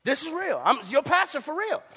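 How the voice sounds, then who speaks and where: A pastor preaches, slipping into playful asides and impressions. His voice sits very high with a bright, sharp edge and some gravel. The sound rings out with a long hall echo. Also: big pitch swings, brisk. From Saint Paul, Minnesota. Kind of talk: sermon.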